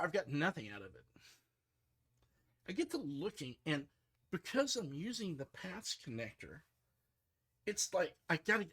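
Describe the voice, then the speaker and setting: A middle-aged man, a software developer, talking casually and rambling, frustrated, with many restarts and fillers. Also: on the high side. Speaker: software developer streaming his work.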